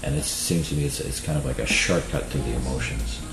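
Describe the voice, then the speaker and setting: A man giving a reflective, measured answer in a documentary interview. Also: extremely low pitch. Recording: echoey room with clear music behind.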